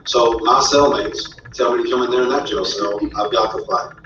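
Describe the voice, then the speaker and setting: A man's voice: medium pitch, moderate pace, pushed and bright, slight background noise. A man telling his own story as a father, earnest and indignant. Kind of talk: personal storytelling. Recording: roomy, distant, dull audio.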